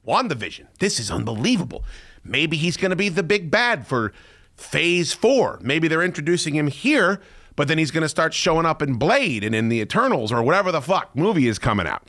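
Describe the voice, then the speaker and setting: A man hosting a podcast in casual chat, excitable and profane, often breaking into loud shouting. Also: on the high side, fairly quick. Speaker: podcast host.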